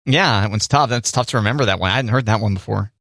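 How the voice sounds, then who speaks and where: A man's voice: fairly low pitch, quick pace, fairly bright tone, no echo, studio quality. A man co-hosting a podcast, chatting casually and joking at his own expense. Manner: easygoing, self-deprecating, many fillers and restarts. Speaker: podcast co-host. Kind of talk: casual chat.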